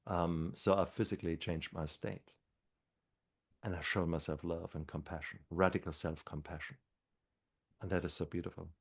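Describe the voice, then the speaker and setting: A man's voice: deep voice, vocal fry. A man speaking as a guest doctor in a podcast interview, talking in an earnest, encouraging way. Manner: speaks slower when calm.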